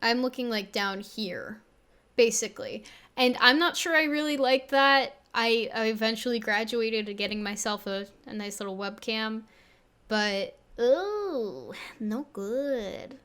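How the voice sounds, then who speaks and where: A woman with a youthful, slightly high voice reacts to her own old footage. She mocks herself freely and stumbles and restarts often. She speaks into a desk microphone on an arm. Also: steady tone, pushed and bright, clean tone. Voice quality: sounds younger than her age. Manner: self-deprecating, halting, many restarts. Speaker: video creator and game developer. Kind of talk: casual reaction commentary. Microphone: Blue Yeti on an arm.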